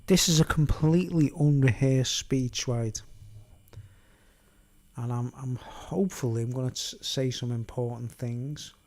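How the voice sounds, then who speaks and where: A man's voice: medium pitch, a little mellow. A man speaks unhurriedly into a desk microphone in a room at home. He rambles without a script, jokes, and halts to restart his thoughts. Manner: rambling, jokey, halting restarts. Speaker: solo vlogger and musician. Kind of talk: unrehearsed rambling monologue. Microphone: desk microphone with headphones.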